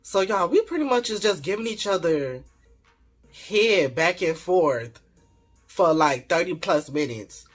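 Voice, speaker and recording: A man telling a story in an animated, slangy, laughing way. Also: high voice, unhurried, soft background music. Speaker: vlogger. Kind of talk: casual storytelling.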